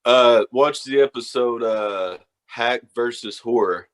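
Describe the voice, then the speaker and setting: A man's voice: medium pitch, takes it slowly. A man co-hosting a podcast, telling stories with plenty of swearing. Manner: profane, storytelling, animated. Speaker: podcast co-host. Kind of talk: casual podcast chat.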